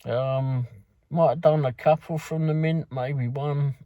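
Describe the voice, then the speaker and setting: A man's voice: a little high, steady tone, takes it slowly, no room sound, lo-fi sound. A man with a London accent, a food delivery driver, casually recapping a night of work in a rambling way, full of fillers and restarts. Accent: London English. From London, England. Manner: rambling, loose storytelling with many fillers and restarts.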